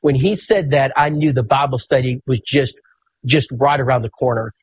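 A man, preaching in a folksy, animated storytelling sermon. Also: medium pitch, moderate pace, husky.

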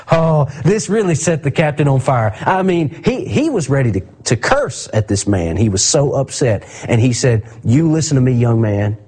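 A middle-aged man preaching a sermon, earnest and storytelling, drawing out key phrases slowly for emphasis. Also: mid-range voice, sing-song, darkish tone, breathy edge.

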